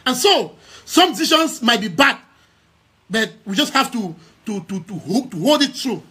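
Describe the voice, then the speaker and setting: Man, Cameroonian English accent, young adult, husky, sharp bright tone, emphatic, repetitive, live-stream address. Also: extremely high pitch, very animated, moderate pace. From Southern Cameroons. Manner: emphatic, repeating key phrases, many stammered restarts. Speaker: activist and news outlet head.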